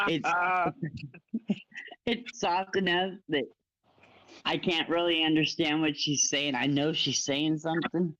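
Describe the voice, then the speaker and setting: A guest on a live stream speaks very slowly and haltingly, breaking off to laugh. The audio is dull and lo-fi. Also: mid-range voice, fairly even intonation, a bit bright. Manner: slow, halting, laughs between words. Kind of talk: casual chat.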